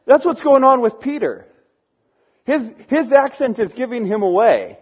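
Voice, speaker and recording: A man's voice: very high-pitched, sing-song, a little slow, slightly rough, muffled recording. A man preaching a sermon in a conversational storytelling way, acting out the people he talks about. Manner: conversational storytelling with acted quotes.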